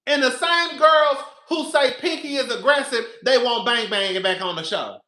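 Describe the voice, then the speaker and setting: A man's voice: very high-pitched, normal speed, bright, forceful tone, echoey room, poor audio. A man reviewing a reality show, over-the-top and dramatic, swearing freely and swinging from hollering to whispering. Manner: profane, chatty, calls listeners "girl". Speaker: TV recap vlogger.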